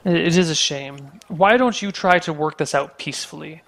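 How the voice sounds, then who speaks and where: A man voicing a cautious male knight who gives calm, deliberate counsel. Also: fairly high pitch. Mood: measured.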